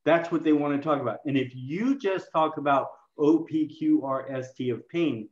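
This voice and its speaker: A man's voice: on the high side, moderate pace. A man with a slightly raised voice, talking as an interview guest and explaining his methods with animation, often slipping into quoted lines as he acts out conversations. The recording sounds echoey and a little dull. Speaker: health coaching expert guest. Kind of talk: interview, teaching communication.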